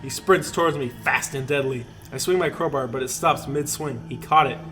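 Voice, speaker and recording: A man's voice: medium pitch, moderate pace, sharp tone, soft background music. A young man co-hosting a podcast, reading a horror story aloud with hammy emphasis and bursts of laughter. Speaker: podcast co-host.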